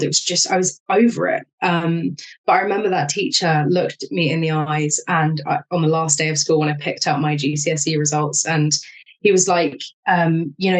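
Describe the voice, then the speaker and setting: Lower-voiced woman hosting a podcast. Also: poor audio. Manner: candid, animated storytelling with frequent fillers. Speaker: podcast host. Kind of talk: casual conversational interview.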